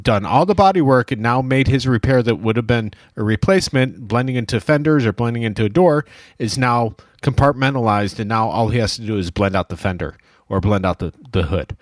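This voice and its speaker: A man who owns a dent repair shop and hosts a show tells a story in casual shop talk, acting out the quoted dialogue. His voice is on the low side, and the recording is dry and studio quality.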